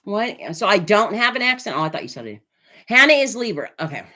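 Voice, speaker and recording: A woman's voice: medium pitch, sing-song, brisk, pushed and bright. A woman from Oregon chatting on a live stream while she gives a tarot reading, with lots of fillers and hesitations. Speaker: tarot reader.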